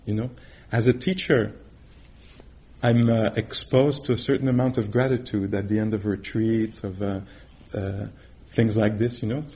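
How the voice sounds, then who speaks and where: A man's voice: lowish voice, steady tone, normal speed, a little mellow. A middle-aged man giving a meditation talk in a casual, conversational way, laughing often and acting out quoted voices. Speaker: meditation teacher. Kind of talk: dharma talk.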